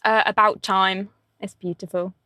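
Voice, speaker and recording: A woman answering interview questions, self-deprecating and quick to giggle. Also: mid-range voice, little pitch movement, bright, forceful tone, dry recording. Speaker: interview guest, artist.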